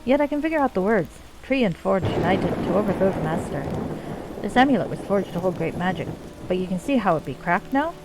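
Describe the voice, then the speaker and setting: Woman doing a dwarf clan leader, put-on Scottish accent, gruff, weary of war, lively swooping pitch. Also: fairly quick, background noise, lightly acted. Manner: gruff, archaic folksy dwarf speech. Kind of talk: reading game dialogue aloud.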